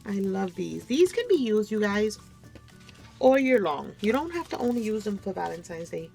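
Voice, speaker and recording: A woman hosting a crafting channel, casually showing off a gift package, gushing over every item and talking straight to viewers. She sounds a bit low on energy as she comes down with a cold, recording at her craft desk at home. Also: sing-song, moderate pace, gravelly, a little mellow, faint music behind. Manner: gushing, keeps addressing viewers as "you guys". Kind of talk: casual show-and-tell unboxing.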